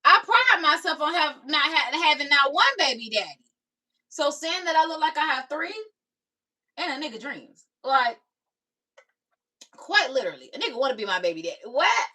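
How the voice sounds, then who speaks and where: A woman's voice: sits high, expressive, a little slow, pauses often, pushed and bright. A young woman, reacting to viewer comments on her live stream in sassy casual chat. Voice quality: raspy. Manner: sassy, talks back to commenters.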